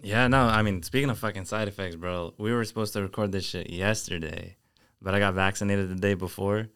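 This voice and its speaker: A man's voice: on the low side, fairly even intonation, fairly quick, a bit bright, smooth. A man co-hosting a podcast, chatting casually in a loose, profane, cheery way. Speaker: podcast co-host. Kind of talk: casual chat.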